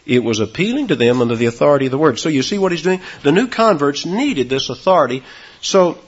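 A husky-voiced man preaches a sermon, his pitch leaping high and loud on key words. His voice sits a little high for a man and swings widely. The recording sounds dull and lo-fi. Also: fast. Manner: animated preaching with sudden high, loud emphasis. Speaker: pastor.

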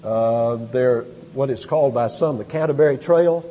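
A man preaching a sermon as pastor, with animated emphasis and quick asides. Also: mid-range voice, slight background noise. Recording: dull, lo-fi sound with long hall reverb.

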